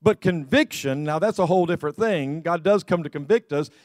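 Guy preaching a sermon, kinda high voice, dry sound, repeats himself a lot. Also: brisk, darkish tone, no echo. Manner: repetitive restarts, folksy storytelling. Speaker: pastor.

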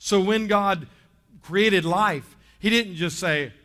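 A man's voice: high voice, takes it slowly, a bit bright. A man with a Southern US accent preaching a sermon, emphatic, stretching key words and calling on the congregation to respond. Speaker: pastor. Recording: reverberant hall sound.

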